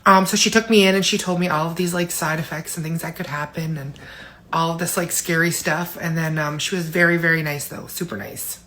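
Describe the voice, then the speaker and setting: A woman's voice: sits low, fairly even intonation, brisk, a bit bright, slight background noise. Tired woman rambling through a vlog. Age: 40s. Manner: rambling, filler-heavy, candid. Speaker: vlogger. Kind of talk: casual personal vlog. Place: at home.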